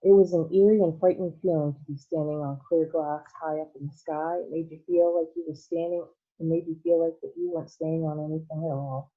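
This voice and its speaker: A woman teacher reading a children's novel aloud at a careful, measured pace, heard over a tinny phone-like line. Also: deep voice, steady tone.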